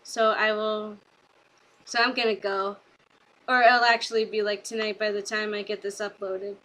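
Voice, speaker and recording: Bright-voiced young woman gushing excitedly. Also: mid-range voice, normal speed, low-quality recording. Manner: gushing, rambling with many fillers. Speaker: wrestling fan vlogger. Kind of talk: casual excited review.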